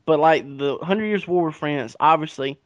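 A man's voice on the high side, at a moderate pace with no room sound, carries a podcast co-host's casual, profane retelling of history full of acted-out dialogue. The recording itself is dull and lo-fi.

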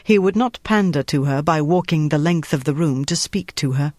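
This is scripted narration of a wartime thriller, delivered by a male audiobook narrator with calm, even, measured storytelling. His pitch is slightly high for a man, and the recording is close and dry, lacking any room sound.

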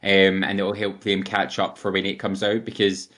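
Young male podcast co-host, casual rambling storyteller, slightly low pitch. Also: completely flat delivery, moderate pace, a bit bright. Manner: chatty and rambling, quoting game lines in put-on voices. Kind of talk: casual chat.

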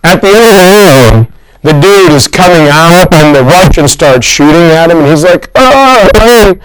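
A man's voice: fairly high pitch, normal speed, clean tone, no room sound, low-quality recording. A man teaching a history class in a casual lecture, joking and teasing his students.

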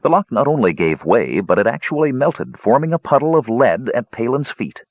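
Male audiobook narrator, husky and lively delivery, dry lo-fi sound. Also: mid-range voice, moderate pace, no room sound. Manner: expressive storytelling. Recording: dull lo-fi recording.

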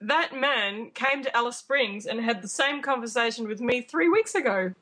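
A woman's voice: a little high, expressive, normal speed, a bit bright. A woman, an advocate chatting casually and laughing easily. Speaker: guest advocate. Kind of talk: casual conversation.

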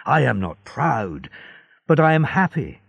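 A man's voice: medium pitch, very animated, a little slow, vocal fry, slightly rough, no room sound, voice pushed up, full character voice. A man voicing an earnest, happy young sailor in a storybook reading, sincere and eager.

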